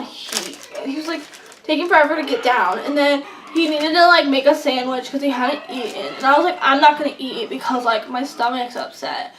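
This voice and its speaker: Teen girl vlogger, rambly and excitable, roomy echo. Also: high-pitched, slight background noise. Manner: rambling, filler-heavy, excitable. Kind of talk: casual storytelling while eating. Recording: echoey room, mic at a distance.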